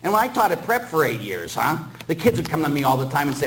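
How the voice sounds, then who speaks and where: A man's voice: fairly high pitch, animated, rapid-fire, hardly any pauses, noisy background. A middle-aged man, a priest, preaching a sermon with rhetorical questions and acted-out voices. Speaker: Catholic priest.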